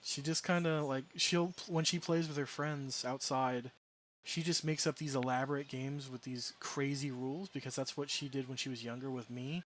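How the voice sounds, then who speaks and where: A man's voice: mid-range voice, fairly even intonation, normal speed, fairly bright tone, slight background noise. A man casually chatting as a game streamer, rambling through a story with restarts and amused asides. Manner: rambling, self-correcting, amused.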